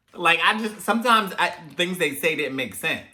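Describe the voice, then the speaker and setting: A young man hosting a casual talk video, telling animated stories about growing up in African American English. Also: sits high, moderate pace. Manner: chatty, animated when telling parent stories. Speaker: host. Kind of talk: casual chat, storytelling to viewers.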